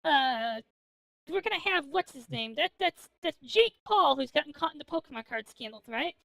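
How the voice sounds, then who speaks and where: A woman streamer with a high, bright pitch and a gravelly, fry-laced edge rambles through a gaming stream. She talks in a manic, joking way and swears freely. The sound is close and dry. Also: lively intonation, moderate pace, dry recording, rough recording. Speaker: VTuber streamer. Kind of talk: casual gaming stream chat.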